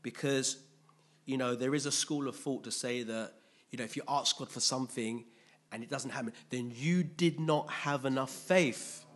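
Man preaching to a congregation, husky and chatty, keeps asking if they follow. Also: medium pitch, normal speed. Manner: conversational, often checks in with listeners. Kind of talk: conversational sermon.

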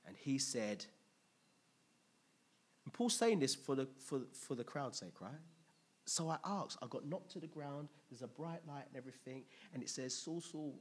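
A man preaching a sermon in a conversational, lively way, asking the congregation questions. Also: medium pitch, normal speed, breathy edge.

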